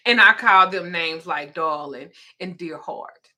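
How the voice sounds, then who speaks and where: Older woman host, casual chat; bright, blunt, cussing, quick to laugh. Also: lowish voice. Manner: blunt, profane, laughing storyteller.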